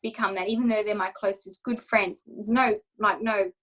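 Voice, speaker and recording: A woman's voice: mid-range voice, steady tone, moderate pace, fairly bright tone, low-quality recording. A woman coach telling her personal story in an interview, emotional and candid, acting out her own inner thoughts as she speaks. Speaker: confidence coach, interview guest.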